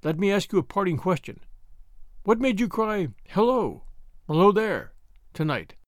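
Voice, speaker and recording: A man voicing a troubled railway signalman who speaks in a low, hushed and grave way. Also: big pitch swings, moderate pace, no echo, studio quality. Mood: uneasy. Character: haunted, troubled middle-aged male railway signalman.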